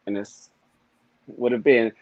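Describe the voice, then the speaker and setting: A man on a podcast panel, giving quick, emphatic opinions about a reality show. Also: mid-range voice, fairly even intonation, narrow, tinny audio. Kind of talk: casual reality-TV recap chat.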